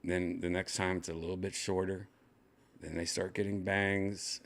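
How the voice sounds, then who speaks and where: A man's voice: low-pitched, little pitch movement, normal speed, creaky. An older man hosting a casual show from his home, rambling and joking crudely. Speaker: host. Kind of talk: casual chat. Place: second-floor home room.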